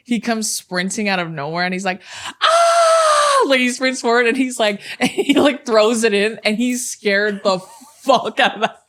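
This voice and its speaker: A young woman telling a story on a podcast, full of energy and easy swearing. She breaks into short yelps and squeals to act out the people in her story, and her voice sits at a middle pitch. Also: normal speed. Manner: animated storyteller who acts out people's yelps and swears freely. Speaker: podcast co-host. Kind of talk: casual storytelling chat.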